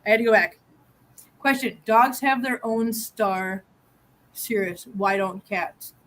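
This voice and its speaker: A woman chats casually on a live stream from home. Her voice sits a little high, and she laughs often and slips into a cooing tone for her cats. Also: slow, a bit bright, slight background noise. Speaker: host.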